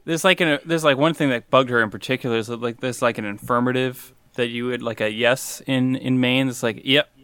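A man's voice: mid-range voice, fairly even intonation, brisk, hardly any pauses, fairly bright tone, clean tone, dry recording. A man co-hosting a casual podcast chat, rambling and full of "like" fillers. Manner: rambling, lots of "like", laughs often. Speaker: podcast co-host.

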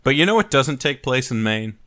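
Bright chatty guy hosting a podcast, jokey, middle-pitched. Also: big pitch swings, fairly quick. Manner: chatty, jokey, playful put-on voices. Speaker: podcast host. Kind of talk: casual chat.

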